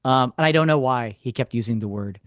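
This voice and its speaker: A man, co-hosting a podcast, telling a story in a casual, animated way with sarcastic asides. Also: mid-range voice, fairly quick, no room sound, clean studio sound. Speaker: podcast co-host. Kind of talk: casual chat.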